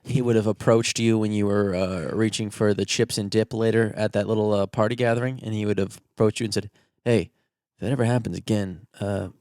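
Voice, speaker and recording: A man's voice: lowish voice, fairly even intonation, fairly quick, few pauses, smooth, dry recording, clean studio sound. A young man co-hosting a podcast in casual chat, spinning absurd comic what-if scenarios. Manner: spins absurd comic what-if scenarios, jumping into loud voices. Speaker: podcast co-host.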